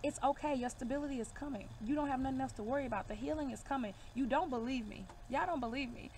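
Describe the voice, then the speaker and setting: A woman's voice: high-pitched, fast talker, a little mellow, slight background noise. A woman giving a casual card reading to camera, emphatic and reassuring, calling her viewers y'all and baby. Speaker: divination reader.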